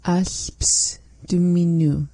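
Slow, warm-voiced woman repeating phrases. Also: fairly low pitch, steady tone. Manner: repeats phrases back carefully. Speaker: language learner.

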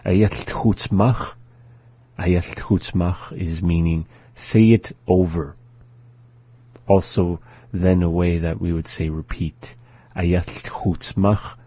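A deep, mellow male voice that moves at a very slow, deliberate pace. He teaches a language lesson and says each word twice with patient repetition. The sound is dry and close, with a husky edge. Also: fairly even intonation, no echo.

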